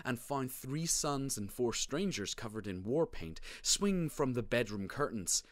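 A man narrating a children's storybook in the first person, wry and animated. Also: medium pitch, no room sound. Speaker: audiobook narrator.

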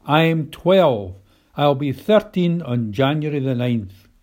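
A man's voice: on the high side, lively intonation, slow pace, a little mellow. A man voicing a shy, nervous twelve-year-old girl who speaks politely and hesitantly.

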